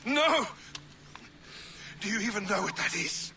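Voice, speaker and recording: An actor playing a defiant, dying male enemy who shouts and coughs at an assassin in a video game. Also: high-pitched, animated, a little slow, exaggerated voice. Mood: scornful. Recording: game audio with loud noise.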